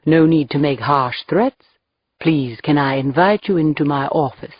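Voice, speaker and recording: In an audiobook reading, a woman with a deep voice speaks unhurriedly as she portrays a jovial male club owner with a British accent, smooth and evasive. The audio is dull, with no room sound.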